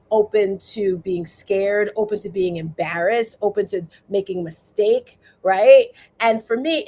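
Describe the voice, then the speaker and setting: A woman hosting a motivational livestream, chatty and animated, often asking her viewers "right?" and speaking straight to them. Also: on the high side. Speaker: livestream host.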